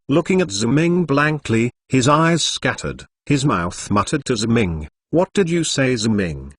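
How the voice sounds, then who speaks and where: A man's synthetic voice narrates a novel in a machine-like read, saying punctuation aloud. His pitch moves a lot, and the sound is dry and close with no room around it. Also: a bit bright, no room sound.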